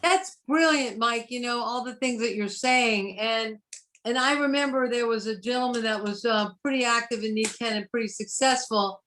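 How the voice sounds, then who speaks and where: Woman, team member on a video call, bright forceful voice, a bit high. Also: normal speed. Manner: chatty, enthusiastic anecdote teller. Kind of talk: casual chat on a video call.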